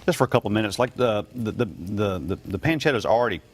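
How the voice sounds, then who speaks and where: Low-voiced, fast-talking man chef. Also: expressive, slightly rough. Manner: rambling, full of fillers and restarts. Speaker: guest chef. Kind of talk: cooking demonstration on morning TV. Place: TV studio kitchen.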